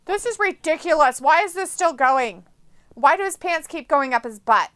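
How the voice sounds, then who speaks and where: A woman with a high, fairly bright voice co-hosts a live watch-along stream, speaking at a moderate pace with lively intonation and no echo. She's playful and sarcastic, laughs often, and reads viewer messages aloud in mock voices.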